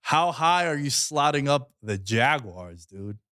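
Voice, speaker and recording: A man's voice: mid-range voice, sing-song, a little slow, pushed and bright, dry recording, studio quality. A man co-hosting a casual sports chat, loose and slangy in his talk. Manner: loose and slangy, says yo, dude, bro. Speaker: co-host.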